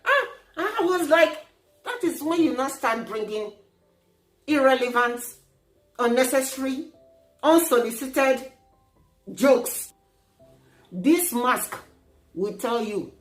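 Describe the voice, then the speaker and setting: A Nigerian woman hosts a casual vlog, teasing and lecturing her viewers in turn. She speaks slowly in a fairly high voice. The room echoes, and soft music plays underneath. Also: animated. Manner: playful, teasing, preachy. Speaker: vlogger.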